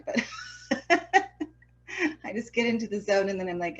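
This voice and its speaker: A woman's voice: mid-range voice, very animated, normal speed, pauses often, a bit bright, highs cut off. A woman hosting a live watercolor lesson, chatting casually with viewers and laughing often, sometimes trailing off and mumbling to herself as she works. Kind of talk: live-streamed painting lesson.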